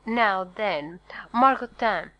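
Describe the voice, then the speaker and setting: A woman's voice: a little high, expressive, normal speed, muffled recording, lightly acted. A woman reading an audiobook, voicing a fawning, eager-to-please male innkeeper who talks in an effusive, apologetic rush.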